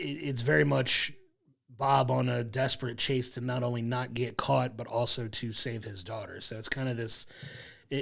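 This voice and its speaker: This podcast co-host has a creaky, mid-range voice with a fairly bright tone. Enthusiastic and rambling, he laughs along while casually discussing a film in long, winding sentences.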